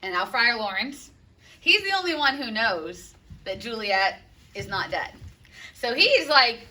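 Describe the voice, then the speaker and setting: A woman's voice: on the high side, very animated, a little slow, bright, forceful tone, distant mic. A woman teacher explaining a play in a casual, chatty way. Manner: chatty, lots of "right?" and "like".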